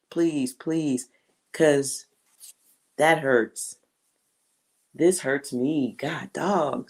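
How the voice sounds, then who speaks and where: A woman doing a live tarot reading for a viewer. She speaks slowly and lets her words stretch out, blunt and full of slang. She laughs often and jumps between loud outbursts and near-whispered asides. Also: sits low, slight background noise, low-quality recording. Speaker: tarot reader.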